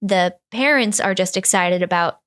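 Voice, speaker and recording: A woman's voice: medium pitch, moderate pace, a bit bright. A woman in her thirties, a guest in an interview, talking candidly and reflectively, often restarting her thoughts. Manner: reflective, speaks in drafts with restarts.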